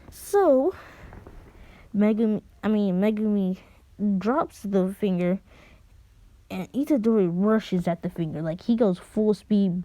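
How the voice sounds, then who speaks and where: A woman's voice: mid-range voice, warm tone. A woman casually retelling a fan story, rambling and hesitant with many restarts.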